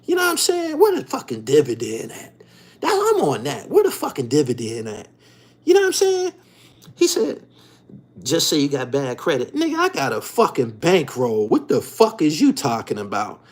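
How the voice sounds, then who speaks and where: Husky male host, animated swooping delivery, heated and profane monologue. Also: mid-range voice, normal speed. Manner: profane, repetitive, heated, keeps asking "you dig". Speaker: podcast host. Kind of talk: ranting monologue.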